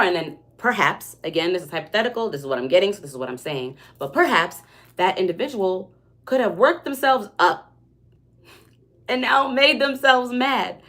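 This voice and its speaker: Tarot reader, woman, low voice, chatty and reassuring, keeps checking in with listeners. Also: animated, moderate pace, fairly bright tone. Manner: conversational, tag questions like "okay?" and "right?". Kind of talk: spiritual reading monologue.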